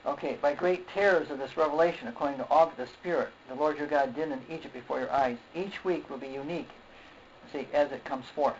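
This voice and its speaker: A man preaching a sermon in a halting way, repeating words, often saying okay and clearing his throat. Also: fairly high pitch. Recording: dull lo-fi recording with faint noise.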